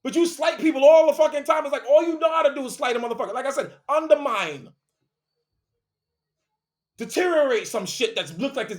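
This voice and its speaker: A man's voice: very high voice, expressive, moderate pace. A man delivering a profane, confrontational motivational monologue, preaching and repeating phrases for emphasis. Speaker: host.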